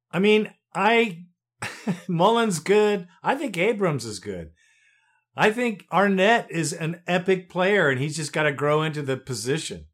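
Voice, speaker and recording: A man's voice: fairly high pitch, fairly bright tone. A man hosting a sports call-in podcast, easygoing and chuckling between thoughts. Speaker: podcast host. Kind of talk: casual sports talk hosting.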